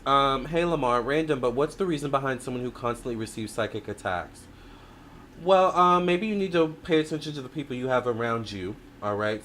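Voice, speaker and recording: A man hosting a livestream as a tarot reader, chatting casually and reading out viewer comments, talking expressively with lots of fillers and quick restarts. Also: medium pitch, fairly bright tone, a little hiss or hum. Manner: addresses viewers directly with frequent "all right?".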